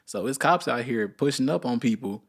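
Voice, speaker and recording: A man co-hosting a casual podcast, telling a long story and acting out the people in it by jumping up into a higher voice. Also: moderate pace, creaky, breathy edge. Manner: animated storyteller, acts out quotes in a higher voice. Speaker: podcast co-host.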